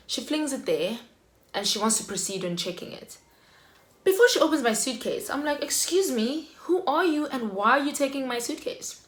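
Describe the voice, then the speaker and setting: A young South African woman with a South African accent telling a story in a chatty, animated way. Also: medium pitch. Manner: animated, chatty, heavy on fillers. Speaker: vlogger. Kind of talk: casual storytime. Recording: echoey room.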